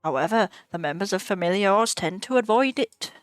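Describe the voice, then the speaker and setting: Young woman, mid-pitched, reading a game script aloud, laughs a lot, casual swearing, dry close sound. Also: lively intonation, normal speed, dry recording, soft background music. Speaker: gaming video co-host. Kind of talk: reading a visual novel aloud.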